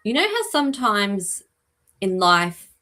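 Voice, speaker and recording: A woman hosting a live stream as an animal communicator, talking gently and chattily with many ums and asides. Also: medium pitch, sing-song, slow. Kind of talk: live-stream reading for viewers.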